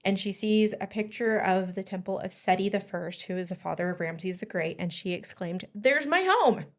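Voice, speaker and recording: A woman's voice: lowish voice, little pitch movement, moderate pace, a little mellow. A woman hosting a podcast, casually telling a story with lots of ums and small laughs. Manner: chatty, giggly, many ums. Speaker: podcast host.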